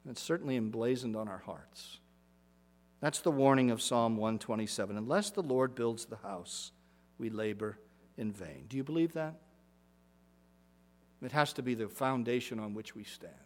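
A man's voice: medium pitch, animated, normal speed, pauses often. A middle-aged man, a pastor, preaching a sermon in an earnest, emphatic way, repeating phrases for weight.

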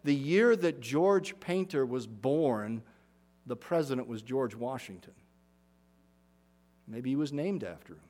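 A man's voice: mid-range voice, expressive, a little slow, long pauses, darkish tone. A middle-aged man, a pastor, preaching a sermon in an earnest, emphatic way, repeating phrases for weight.

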